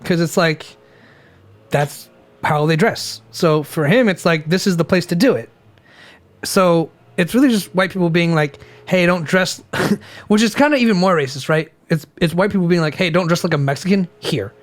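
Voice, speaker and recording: A man's voice: high-pitched, normal speed. Rambling, laughing young man co-host. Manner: rambling, laughs often, many restarts. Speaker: podcast co-host. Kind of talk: casual chat over beers.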